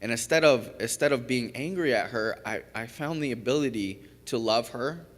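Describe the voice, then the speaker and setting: At a church service, a young Kentucky man who graduated from a recovery program gives his personal testimony at a moderate pace in a mid-range voice. He tells his story candidly and conversationally, full of fillers and self-interruptions, while the large sanctuary adds long reverb.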